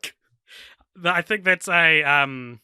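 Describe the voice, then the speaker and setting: A man hosting a casual podcast, relaxed and easygoing, chuckling often. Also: on the high side, takes it slowly, smooth, no room sound, studio quality. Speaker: podcast host.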